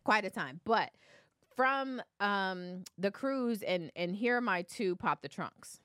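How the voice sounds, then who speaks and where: A woman's voice: medium pitch, takes it slowly, smooth, no echo, studio quality. A woman co-hosting a podcast, telling a story in casual chat and acting out what people said, often tagging on "okay?". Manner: animated storytelling, acts out quotes, repeats "okay?". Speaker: podcast co-host.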